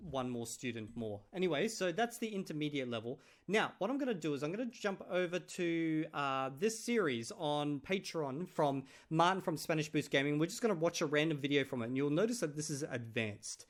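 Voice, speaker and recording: A man's voice: fairly high pitch, animated, fairly quick. Hesitant man translating clips aloud. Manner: hesitant, many fillers and restarts. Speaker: vlogger reviewing a language course.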